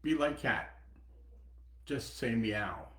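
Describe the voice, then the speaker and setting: A man's voice: medium pitch, expressive, slow pace, fairly bright tone, reverberant. A man in his seventies putting on a Korean accent to voice an old Zen master, speaking in short, clipped, broken phrases. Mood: playful. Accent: put-on Korean accent. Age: 70s.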